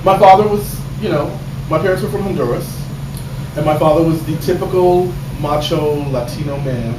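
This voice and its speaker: A man telling a stand-up comedy story, animated, swinging from quiet asides to shouted punchlines, on a stage. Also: on the high side, moderate pace. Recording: roomy live stage sound from a distance, audible noise.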